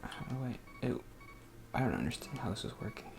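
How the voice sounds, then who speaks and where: A man's voice: medium pitch, huge pitch swings, brisk, vocal fry, over music. A man from New Jersey giving casual, rambling gameplay commentary, hesitant and full of fillers, muttering to himself at the game. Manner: rambling and hesitant, with many fillers and self-interruptions; mutters at the game under his breath. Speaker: let's play host.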